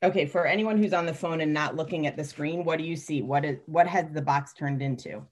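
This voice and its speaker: A woman leading a children's message in worship, reading aloud slowly and teaching with a light laugh. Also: low voice.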